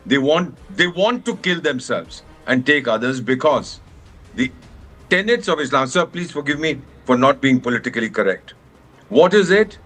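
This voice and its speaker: A man's voice: medium pitch, fairly bright tone. Angry older Indian man on a news panel. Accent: Indian English. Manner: impassioned, indignant, mixing Hindi phrases. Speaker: panel guest, former ambassador. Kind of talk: heated panel debate.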